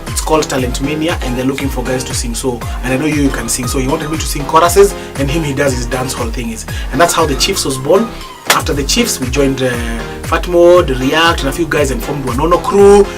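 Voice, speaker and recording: A gospel singer from East Africa, a man, telling stories animatedly in an interview, bursting into loud exclaims when excited. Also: mid-range voice, a little fast, over music.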